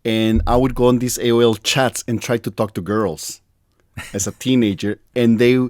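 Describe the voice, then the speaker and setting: A man's voice: medium pitch, fairly even intonation, normal speed, dry recording, clean studio sound. A man, a podcast host chatting casually and joking about himself. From Mexico City. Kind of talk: casual interview chat.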